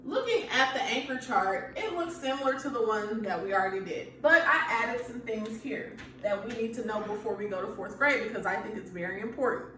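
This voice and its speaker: An elementary school teacher gives a recorded remote grammar lesson to young children, explaining each point patiently and checking in with "okay" after each one. Her voice is a little high, expressive, bright and forceful, and she talks briskly with few pauses. She's recorded from a distance, off the mic in an echoey room, with slight background noise.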